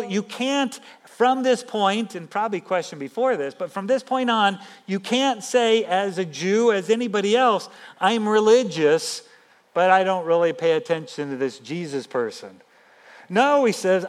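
A man pastor giving a sermon in an animated, emphatic, conversational way. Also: high voice, normal speed.

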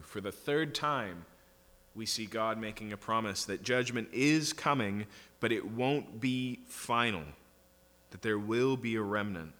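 A man with a lowish but bright, forceful voice teaches through a passage verse by verse. He reads the text and then explains it in plain, conversational terms. His voice rings with the long reverb of a large hall. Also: measured pace. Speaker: preacher.

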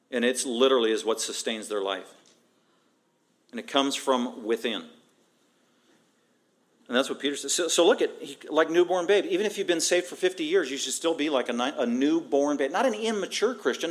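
A middle-aged man preaching a sermon as a pastor, emphatic and conversational, piling up repeated phrases for stress. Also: a little high. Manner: conversational, breaks into acted quotes.

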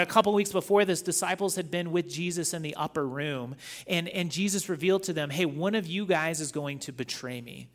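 Male guest preacher, somewhat high voice, casual and animated, mixes scripture reading with retelling. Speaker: guest teacher. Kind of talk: sermon.

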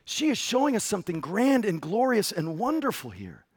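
A man preaching a sermon with passion, jumping from loud outbursts to hushed whispers. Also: high-pitched, huge pitch swings, moderate pace, breathy edge. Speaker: pastor.

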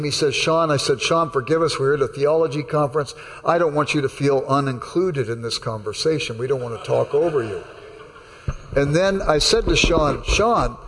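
A pastor delivers a sermon in a big hall, telling stories in a chatty way and acting out the dialogue himself. His voice is a little high, a bit bright, and slightly rough.

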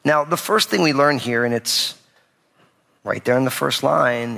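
A man preaching a sermon, his voice bright and forward, sitting a touch high for a man. He retells the old stories in loose, conversational words. The long reverb of a large church hall trails after each phrase. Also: animated, a little slow, creaky. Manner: casual storytelling preaching, retells scripture in everyday speech. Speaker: pastor. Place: church sanctuary with a live audience.

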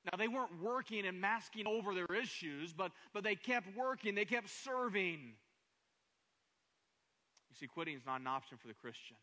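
Thirties male pastor preaching emphatically, high voice that swells in passionate runs. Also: lively intonation, moderate pace, sharp tone. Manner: emphatic preacher, repeats words, builds to raised passionate runs. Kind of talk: sermon.

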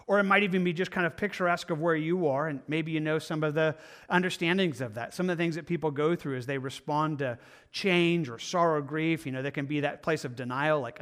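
A man's voice: on the high side, fairly quick, a bit bright. A male pastor preaching a sermon in an earnest, conversational way, sometimes acting out the inner voices of his listeners.

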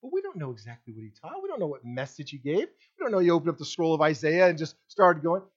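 Through slightly muffled, dull-sounding audio, a male pastor delivers an animated sermon at a quick pace. His pitch and volume swing widely, from loud emphasis to almost hushed asides, and he repeatedly turns to ask the congregation questions.

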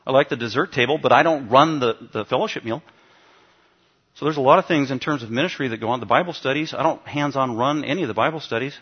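A man's voice: medium pitch, fast, breathy edge, dull audio. A male pastor preaching a teaching sermon to his congregation, emphatic and given to asking them questions.

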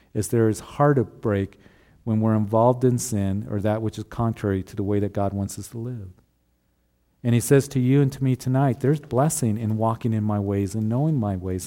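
A man's voice: lowish voice, dark tone. A man preaching a sermon as a pastor, earnest and repeating rhetorical questions to the congregation.

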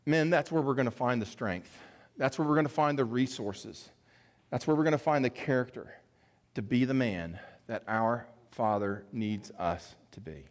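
A man's voice: mid-range voice, long reverb tail. A man preaching a sermon to fathers, talking straight to his listeners, earnest and at times emotional. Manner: earnest, emotional, pauses to compose himself; addresses listeners directly. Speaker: pastor.

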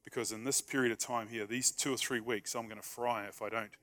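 A man's voice: mid-range voice, steady tone, fairly quick, bright, forceful tone. A man preaching a sermon in a conversational, humorous way, acting out short everyday dialogues. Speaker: pastor.

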